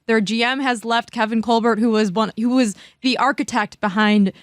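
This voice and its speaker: A woman's voice: on the high side, fairly even intonation, normal speed, no room sound, studio quality. A woman regular on a sports talk show, chatting casually and with enthusiasm.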